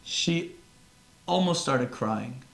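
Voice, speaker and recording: A man's voice: medium pitch, expressive, very slow, creaky, fairly bright tone. Rambling chiropractor man on a phone. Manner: rambling, self-interrupting, earnest. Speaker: chiropractor hosting a podcast. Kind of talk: casual live-stream chat.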